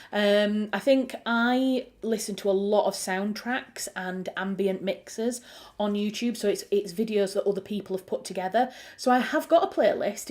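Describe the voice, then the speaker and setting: A woman's voice: mid-range voice, a little mellow. A woman with a Yorkshire accent talks casually to her livestream viewers from home. Her voice sits in the middle of the usual range, and she rambles in a loose, chatty way. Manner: chatty, self-described chaotic, answers chat messages. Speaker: writer hosting a writing livestream.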